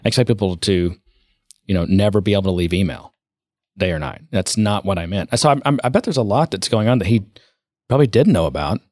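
A man with a low voice chats casually as a podcast co-host. He rambles and restarts, letting his sentences fade off. The sound is close and dry. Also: animated, brisk, no room sound. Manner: rambling, trails off quietly. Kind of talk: casual tech chat.

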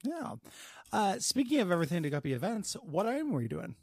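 A man's voice: high-pitched, very animated, fast, creaky, darkish tone, no room sound. A man co-hosting a podcast in a goofy, laid-back casual chat, rambling with fillers. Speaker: podcast co-host.

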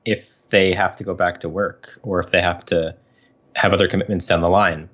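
A man's voice: deep voice, fairly even intonation, moderate pace, a bit bright, highs cut off. A man in his thirties, a professor and researcher, explaining his work in a casual interview, chatty, with many fillers.

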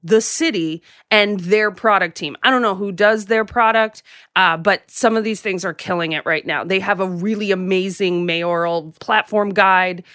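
A woman's voice: mid-range voice, moderate pace, a bit bright, dry recording, clean studio sound. A woman co-hosting a podcast, running through events and news in an upbeat, chatty way with plenty of fillers. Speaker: podcast co-host. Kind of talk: casual news rundown. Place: home in a city, remote recording.

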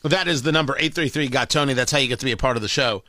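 A man's voice: mid-range voice, racing, pushed and bright, dry recording. A man hosting a talk radio show, delivering a brash, sarcastic opinion monologue full of rhetorical questions into a studio microphone.

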